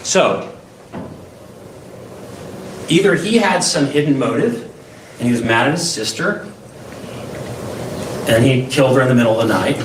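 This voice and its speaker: A man's voice: mid-range voice, lively intonation, unhurried, long pauses. A male defense attorney giving an opening statement to a jury, emphatic and full of rhetorical questions. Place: courtroom. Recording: echoey courtroom, distant mic, faint hiss.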